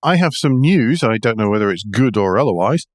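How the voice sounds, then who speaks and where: A man's voice: mid-range voice, animated, brisk, no room sound, clean studio sound. A man hosting a car news podcast, joking and teasing his co-host. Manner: teasing, jokey. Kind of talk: casual chat about car news.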